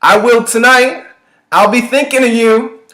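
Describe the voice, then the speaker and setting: A man voicing a crude, leering young man who yells from his truck, loud and mocking. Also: very high voice, steady tone, a little slow, voice pushed up, heavily acted.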